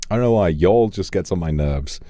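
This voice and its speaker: A British man streaming live, chatting casually and reading out donations, playful and animated, swearing freely. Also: deep voice, fairly quick. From United Kingdom.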